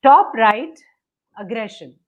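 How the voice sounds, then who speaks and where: A woman's voice: fairly high pitch, expressive, takes it slowly, narrow, tinny audio. A woman coaching on relationships, dictating step by step over a video call and acting out the attitudes she describes. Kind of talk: instructive conversation.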